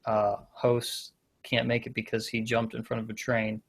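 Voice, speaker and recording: A man's voice: medium pitch, monotone, moderate pace, gravelly, slightly rough. Rambling joking man hosting a show. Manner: rambling, self-deprecating, loses his point. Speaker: podcast host. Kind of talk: casual comedic banter.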